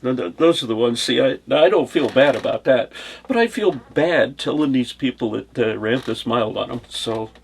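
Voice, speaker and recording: A man's voice: medium pitch, lively intonation, moderate pace, gravelly, hardly any pauses, a little hiss or hum. A middle-aged man from the United States, a former bodyguard, answering questions in a rambling, anecdotal way and chuckling through his stories. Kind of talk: casual storytelling interview.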